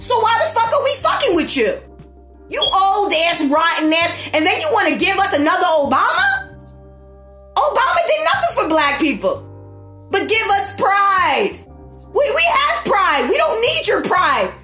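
A woman delivering an impassioned, profane political rant, repeating herself and shouting at times. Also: very high voice, roomy sound. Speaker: political commentator.

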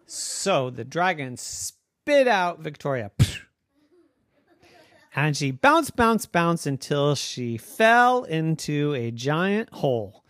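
A parent spinning a bedtime story off the cuff, playful and unhurried. The voice swoops up and down a lot, recorded dry and close. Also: medium pitch, very animated, a bit bright, no echo.

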